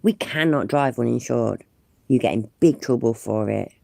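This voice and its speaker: Gravelly, sweary commentator. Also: male voice, mid-range voice, normal speed, dark tone, dry recording. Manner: exasperated, sweary, sarcastic. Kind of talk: reaction commentary.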